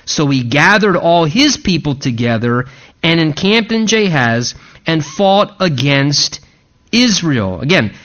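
A man's voice: fairly high pitch, sing-song, slow pace, a bit bright. A man preaching an expository sermon, working verse by verse and breaking into conversational asides. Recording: dull lo-fi recording.

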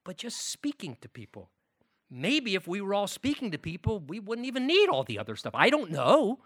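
A man delivers a sermon with fervent emphasis, his voice high and bright. He punches key phrases loudly, then drops into quieter conversational asides to the congregation. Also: wildly swooping pitch, a little fast. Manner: impassioned preaching, loud emphatic bursts then quiet asides. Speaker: pastor.

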